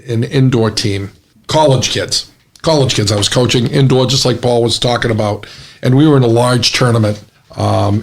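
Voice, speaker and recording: A middle-aged man from New England, co-hosting a podcast, telling a funny story casually and laughing at his own punchlines. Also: mid-range voice. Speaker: podcast co-host.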